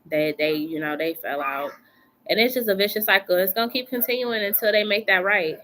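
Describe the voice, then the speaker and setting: A woman's voice: medium pitch, fairly quick, sharp tone, a little hiss or hum. A woman doing a casual live tarot reading from home, chatty and colloquial, repeating phrases for emphasis. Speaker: tarot reader.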